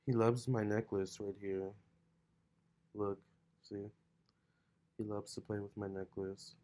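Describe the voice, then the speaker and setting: A man's voice: on the low side, slow. A man who reads tarot, talking casually at home with loose fillers, recorded on a laptop or camera mic. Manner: relaxed, loose, full of "like" and "you know". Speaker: tarot reader and vlogger. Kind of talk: casual vlog talk. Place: his home, with a cat nearby.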